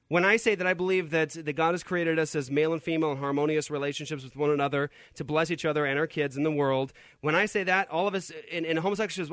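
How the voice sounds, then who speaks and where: An emphatic male talk show host who argues with open disbelief. He carries a fairly high voice, recorded dry and close with no room sound. He delivers opinionated Christian commentary. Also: fairly even intonation, quick pace, hardly any pauses, a bit bright, no echo. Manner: emphatic, incredulous, argumentative.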